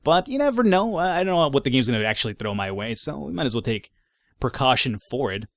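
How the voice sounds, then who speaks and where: A man's voice: medium pitch, very animated, fast talker, no room sound, clean studio sound. A man giving casual gameplay commentary, reading in-game reports aloud between wry, sarcastic asides. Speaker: let's play gamer.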